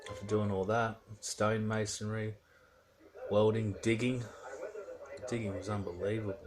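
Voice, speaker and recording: Laid-back Australian man, low voice. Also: level tone, normal speed, music in the background. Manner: rambling, laid-back, slangy storytelling. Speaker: vlogger. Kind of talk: casual video diary.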